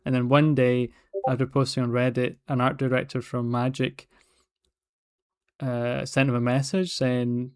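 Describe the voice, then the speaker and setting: A man's voice: mid-range voice, level tone, a little slow, clear, resonant tone, no room sound, studio quality. A young man with a light Scottish accent, chatting casually on a livestream, rambling and restarting his sentences as he talks. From Scotland. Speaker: artist livestreaming.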